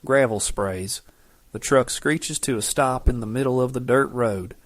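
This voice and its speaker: A man reading a romance audiobook in scripted narration, steady and measured. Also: medium pitch, dry recording.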